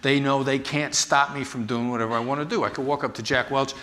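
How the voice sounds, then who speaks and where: A man who teaches negotiation gives a storytelling talk, acting out the people in his anecdotes with lively voices. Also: mid-range voice, fast. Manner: animated, acts out the people in his stories. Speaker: negotiation instructor and former FBI agent giving a talk.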